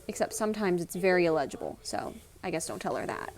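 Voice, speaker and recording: A woman in her twenties chatting casually in a vlog, talking fast and rambling a little, as she does when nervous. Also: on the low side, sing-song, creaky. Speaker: vlogger. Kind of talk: casual chat.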